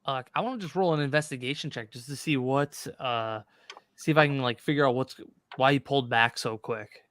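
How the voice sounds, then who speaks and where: A man's voice: mid-range voice, a little fast, fairly bright tone, no echo. A man playing a tabletop game, chatting eagerly about his character. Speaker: player. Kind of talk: casual tabletop play.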